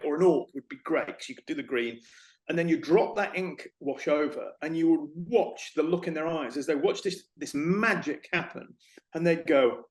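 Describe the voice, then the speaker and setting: A middle-aged man talks as an interview guest, his voice sitting a little high for a man. He tells his stories with energy and slips into the voices of the people in them. The sound bounces around a roomy space. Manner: animated storyteller, acts out shop conversations. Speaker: interview guest, former retail manager. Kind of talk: conversational interview. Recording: echoey room.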